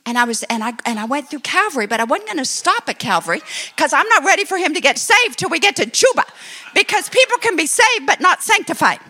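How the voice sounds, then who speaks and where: A middle-aged woman preaching, telling a testimony story and acting out her own excited quotes. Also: high voice, fast talker. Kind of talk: sermon testimony.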